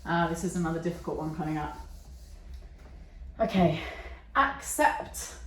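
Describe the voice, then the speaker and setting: A woman's voice: low-pitched, little pitch movement, brisk, darkish tone, slight background noise. A woman teaching a lesson, patiently checking in with her learners as she explains. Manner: patient, checks in with okay and yeah. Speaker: English teacher. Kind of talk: online English lesson. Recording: echoey room.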